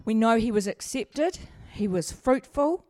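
A woman's voice: fairly high pitch, expressive, measured pace, a little mellow, no room sound, clean studio sound. Chatty New woman preaching. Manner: chatty, humorous, asks the congregation questions. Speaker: pastor. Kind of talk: sermon with personal stories.

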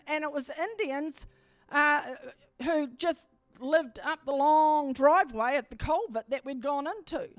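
A woman preacher with a high, bright-sitting voice delivers a personal testimony as a sermon. Her storytelling is animated and swells into fervent exhortation, close and dry on the mic with faint music underneath. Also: no echo.

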